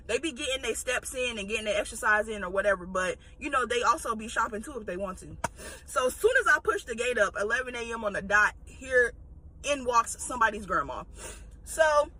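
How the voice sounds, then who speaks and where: A high, bright woman's voice with a breathy edge, talking in a casual storytime. She swings her pitch widely and tells it bluntly, laughing and swearing freely. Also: poor audio.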